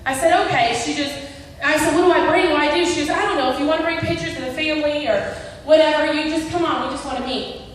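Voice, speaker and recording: A middle-aged woman from the United States giving a personal testimony to a church audience, telling her story with animated delivery and acting out quotes. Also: high-pitched, quick pace, slight background noise. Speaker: guest speaker. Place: large indoor event hall. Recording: echoey hall picked up from far off.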